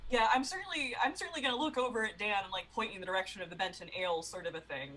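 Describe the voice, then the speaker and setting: A woman playing a tabletop game, chatting casually in an excitable way. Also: mid-range voice, rapid-fire, low-quality recording. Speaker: player.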